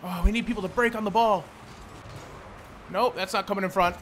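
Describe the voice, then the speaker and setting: A young man commentating his own gameplay, frustrated, swearing and yelling at his teammates. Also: high-pitched, fairly even intonation, a little fast, a little hiss or hum. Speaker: gameplay streamer.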